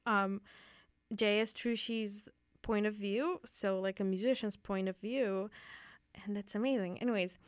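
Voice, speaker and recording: Young female radio host, chatty and giggly, slow easy delivery, clean dry studio sound. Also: mid-range voice, clear, resonant tone, dry recording. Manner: giggly, rambling, full of fillers and self-corrections. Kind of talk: casual theater review chat.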